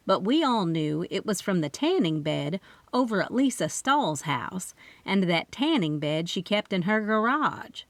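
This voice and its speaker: A woman reading a first-person mystery audiobook with expressive, lively narration. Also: on the low side, no echo.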